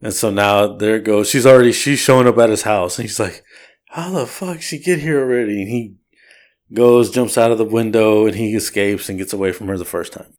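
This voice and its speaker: A man with a fairly low voice talks through a film's plot in a loose, rambling way. He jumps between scenes and throws in quick bits of the characters' dialogue as he goes. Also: fairly even intonation. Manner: rambling, acts out lines from scenes. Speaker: podcast co-host. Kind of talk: casual movie recap.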